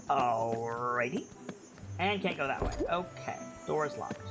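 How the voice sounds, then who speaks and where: A woman's voice: extremely low pitch, expressive, measured pace. A woman streamer reading out in-game prices and reacting dryly while playing, with game music behind. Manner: reads prices aloud, dry reactions. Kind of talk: gameplay commentary.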